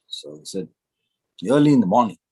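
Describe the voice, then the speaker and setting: A man's voice: mid-range voice, big pitch swings, mellow, husky, poor audio. A middle-aged man, telling a reflective spiritual story as a guest speaker at a club meeting. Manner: reflective, anecdotal, unhurried.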